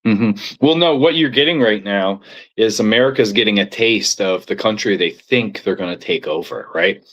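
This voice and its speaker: A man's voice: lowish voice, moderate pace, fairly bright tone, dull audio. A man from Canada hosting a casual chat, laid-back and swearing freely.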